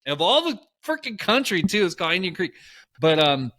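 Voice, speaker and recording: A man, co-hosting a podcast from his apartment and telling stories in an animated, casual way with offhand swearing. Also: high voice, brisk. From Texas. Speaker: podcast co-host. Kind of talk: casual storytelling chat. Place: apartment at home. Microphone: laptop call setup.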